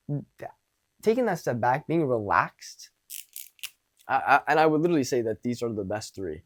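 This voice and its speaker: A young man talks straight to the camera as a dating coach, casual and blunt with frequent swearing. He acts out bits of dialogue to make his points, at a voice of ordinary, middle pitch. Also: big pitch swings, moderate pace. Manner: blunt, profane, acts out quoted exchanges. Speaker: dating and social skills coach. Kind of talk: casual advice monologue.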